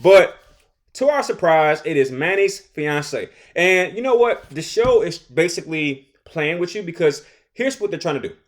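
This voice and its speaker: A young man casually recapping a TV episode, rambling and animated, often acting out characters' lines. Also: fairly high pitch. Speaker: show recap host.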